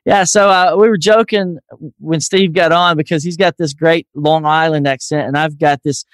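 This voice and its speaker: A man's voice: on the high side, fairly even intonation, normal speed, clear, resonant tone, dry recording, studio quality. A man with a Southern US accent hosting a podcast, chatty and upbeat as he tells stories. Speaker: podcast host. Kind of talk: casual interview chat.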